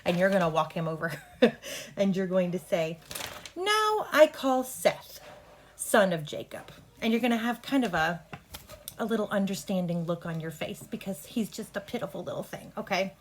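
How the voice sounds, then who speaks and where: Brisk woman coaching a play rehearsal. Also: on the low side, slight background noise. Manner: instructive, brisk, talks through cues. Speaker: drama coach.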